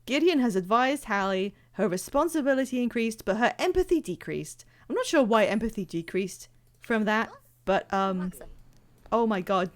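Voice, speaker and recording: A woman's voice: a little high, lively intonation, moderate pace. A young British woman chatting casually and rambling as she streams a game. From Britain. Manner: chatty, rambling, self-interrupting. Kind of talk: casual live-stream chat.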